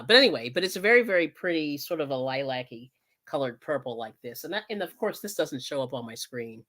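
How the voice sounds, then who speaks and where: Middle-aged woman, livestream host, low voice with lively swings, rambling friendly chat. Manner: chatty, rambling, laughs often, reads out chat comments.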